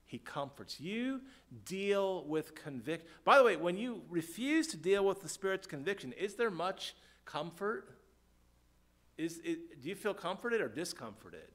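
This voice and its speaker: A man preaching a sermon as pastor, questioning the congregation and swinging between quiet, slow prayer and loud, emphatic points. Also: sits high, sing-song. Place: church.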